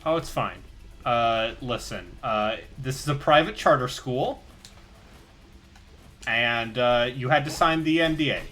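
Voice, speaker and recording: A man's voice: mid-range voice, a little slow, fairly bright tone, soft background music. A young man from Idaho, a streamer chatting casually while gaming and riffing jokes. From Idaho, United States. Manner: joking, riffing bits.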